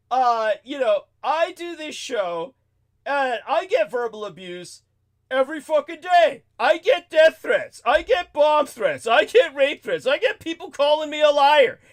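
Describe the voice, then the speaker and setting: High, lively-voiced man ranting. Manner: profane, exasperated, swings between mutters and outbursts. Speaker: show host. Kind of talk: ranting storytelling monologue.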